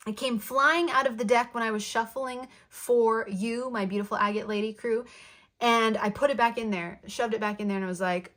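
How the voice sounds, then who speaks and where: A woman giving a spoken tarot reading to her viewers, gentle and affectionate, playful, with her affirmations said twice over. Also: a little high, moderate pace. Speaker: tarot card reader.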